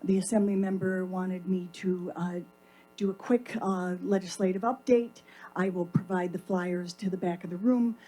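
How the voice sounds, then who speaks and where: A woman's voice: fairly low pitch, steady tone, normal speed, mellow, soft background music, rough recording. A woman speaking as a legislative staff representative, giving a polite, formal update with a few hesitations. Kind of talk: formal public statement. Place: council chamber.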